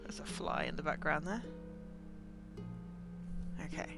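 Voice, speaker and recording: A lively, sing-song woman streaming a game at home and tossing out dry quips at what she watches. Her pitch swings all over as she talks, and game music plays clearly behind her voice. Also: unhurried. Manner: chatty, wry remarks to the screen. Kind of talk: casual game commentary. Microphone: desk mic, levels uneven.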